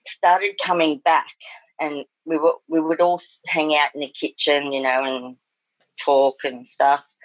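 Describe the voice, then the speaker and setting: A woman's voice: low voice, dry recording, low-quality recording. A middle-aged Australian woman telling a personal ghost story in a rambling, casual way, full of fillers and restarts.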